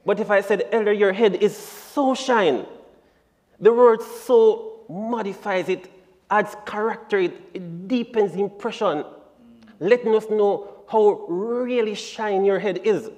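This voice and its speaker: A man presents a Bible lesson in a church sanctuary. He speaks slowly in a fairly high voice, stressing key words emphatically. His voice rings with the long echo of the church hall. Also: a little mellow. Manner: deliberate and emphatic, building to strong stresses. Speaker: Sabbath School lesson presenter.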